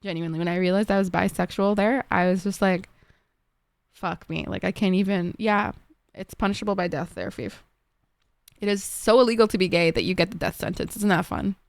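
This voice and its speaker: Mulher do Egito com voz rouca e crepitante, conversa casual de streamer, som seco. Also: female voice, mid-range voice, a little fast, vocal fry, clean tone, no echo. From Egypt. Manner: chatty, lots of "like", frequent swearing. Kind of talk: casual chat answering viewers. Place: at her desk at home, with her cat beside her.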